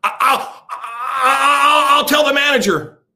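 A man's voice: very high voice, expressive, moderate pace, vocal fry, bright, forceful tone, voice pushed up, heavily acted. A man putting on a panicky, stammering male bystander who shrieks near tears.

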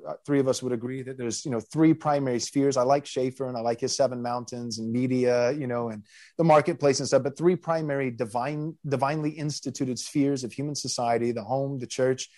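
A man's voice: mid-range voice, fairly even intonation, brisk, darkish tone. A man who hosts a podcast as a pastor, thinking aloud earnestly in a casual theological discussion.

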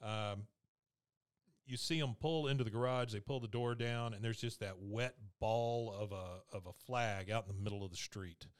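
A podcast co-host with a lowish, clear and resonant voice casually recaps a TV episode at a moderate pace. He tells it with animation, acting out the characters' lines and laughing often.

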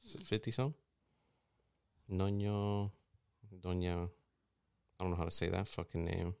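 A man talks loosely and jokes with friends, swearing freely. His voice sits on the low side. It sounds smooth and full. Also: steady tone, unhurried, darkish tone. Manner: loose, profane, joking. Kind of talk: casual chat.

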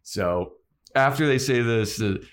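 A man's voice: mid-range voice, measured pace. A man co-hosting a podcast, casually recapping a TV episode and acting out the characters' lines with energy. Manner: animated, acts out the characters' lines. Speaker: podcast co-host.

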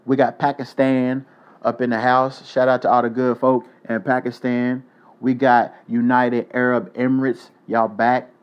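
A man's voice: mid-range voice, flat delivery, measured pace, clear, resonant tone, dull audio. Young man hosting a loose, profane podcast. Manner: loose, joking, profane shout-outs. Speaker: podcast host. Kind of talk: casual solo podcast.

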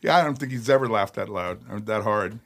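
A middle-aged man, a metal singer telling stories as a podcast guest, animated, laughing and swearing freely. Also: on the low side, a little fast. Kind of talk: casual storytelling chat. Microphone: podcast studio mic.

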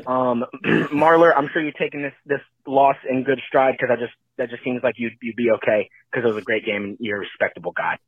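A man's voice: medium pitch, steady tone, brisk, hardly any pauses, no room sound, narrow, tinny audio. A man leaving an emotional, rambling voicemail about a football loss, heard through a phone recording. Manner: rambling, emotional, restarts a lot. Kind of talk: ranting sports voicemail.

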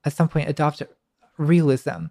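A woman's voice: low voice, fairly even intonation, a little slow, dark tone, no echo, studio quality. A woman guest talking reflectively, hesitant with many restarts and fillers, and now and then laughing wryly at herself. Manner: wry, laughs lightly at herself. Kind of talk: reflective conversation.

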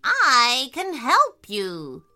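A touchy magical toadstool mushroom from a children's storybook, as a woman puts it on. The voice is bright and lively and the words come slowly. It is indignant but keen to grant wishes. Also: high-pitched, faint music behind, exaggerated voice. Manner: indignant then generous, a storybook voice.

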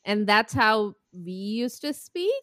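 A woman co-hosting a podcast, explaining things in a relaxed chat and laughing often. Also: medium pitch, slow pace, no echo. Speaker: podcast co-host. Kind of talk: casual chat.

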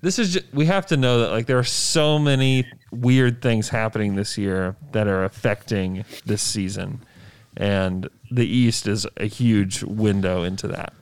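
A man's voice: lowish voice, measured pace, smooth. A man co-hosting a casual sports podcast, rattling off standings and numbers with emphasis. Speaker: podcast co-host.

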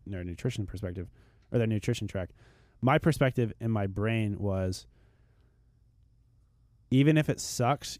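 A man's voice: lowish voice, dark tone, no echo, studio quality. A man speaking as a fitness expert on a podcast, earnest and motivational, often repeating words as he starts a thought. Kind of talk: podcast chat.

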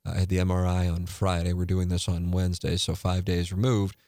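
Host, 40s, male: low gravel, rambling and blunt, casual chat. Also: completely flat delivery, brisk, mellow, dry recording, studio quality. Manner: rambling, self-interrupting, candid and profane. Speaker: podcast host.

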